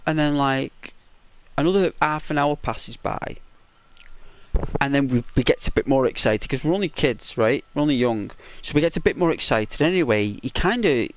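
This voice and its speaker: Man, gaming channel host, rambling chatty storyteller, semi-ASMR narration, medium pitch. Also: animated, moderate pace, dry recording. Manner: rambling, chatty, many fillers and restarts.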